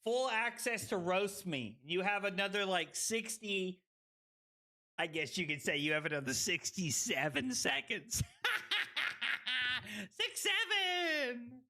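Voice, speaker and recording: A tipsy man in casual stream commentary, erupting into loud, cursing, laugh-filled outbursts. His voice leaps wildly in pitch and stays bright and forceful, while his delivery is unhurried between the bursts. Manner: excitable, loud outbursts, swearing, frequent laughter. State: tipsy from drinking. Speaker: card game streamer.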